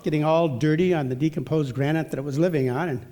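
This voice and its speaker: Male speaker, slightly high, mellow voice; folksy, self-mocking storyteller at a church talk. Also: fast talker. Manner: folksy, self-deprecating, chatty. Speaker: speaker at a church family event. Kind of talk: humorous anecdotal storytelling with scripture.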